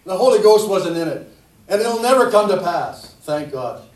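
A middle-aged male preacher with a fairly high voice delivers a chatty, self-mocking sermon, peppered with amens and hallelujahs. He sounds set back from the microphone, so the church hall's echo hangs around every phrase and adds a roomy ring. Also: lively intonation, normal speed, crowd noise. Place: church hall. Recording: roomy echo, distant mic.

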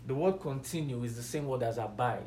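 Speaking briskly in a dark, mid-range voice, a male preacher gives conversational Bible teaching and punches key words, building to emphatic, rising stresses. He asks listeners questions and waits for replies, in a roomy echo with faint background hiss.

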